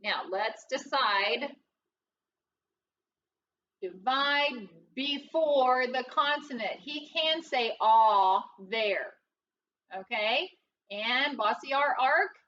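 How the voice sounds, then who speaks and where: A woman's voice: high voice, bright, forceful tone, recorded from a distance, muffled recording. A woman teaching a recorded phonics lesson, explaining step by step in a patient, encouraging, sing-song way.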